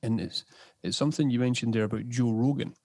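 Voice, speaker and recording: A man in casual interview chat, an animated storyteller who jumps into high voices when quoting others. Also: fast talker, no echo, studio quality. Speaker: podcast guest.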